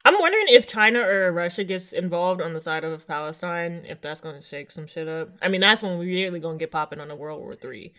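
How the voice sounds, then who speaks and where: A woman's voice: lowish voice, lively intonation, fairly quick, few pauses, a bit bright. A woman co-hosting a casual podcast chat, talking bluntly and wryly as she steers the conversation. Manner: blunt, wry, leads the conversation. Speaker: podcast co-host.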